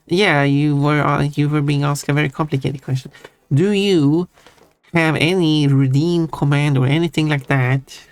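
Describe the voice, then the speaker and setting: Male streamer, unhurried, teasing chatter, frequent chuckles, faint music behind. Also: on the high side, clear, resonant tone, no echo. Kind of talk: casual chat with live chat. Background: soft background music.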